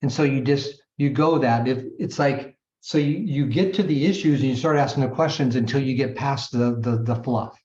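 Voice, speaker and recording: A man with a mid-range, darkish voice speaks at normal speed with hardly any pauses, giving his team a motivational coaching talk. He's emphatic and repetitive, using punchy sound words and calling them gang and guys. The recording is dull and echoey, as if in a room.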